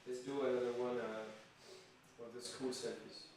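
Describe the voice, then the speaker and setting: Slow-talking man in an echoey room. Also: mid-range voice, level tone, a little mellow. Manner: chatty, talks to himself and viewers, chuckles often. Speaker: vlogger. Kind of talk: casual self-filmed vlog. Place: small room indoors. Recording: very echoey room, distant mic, faint hiss.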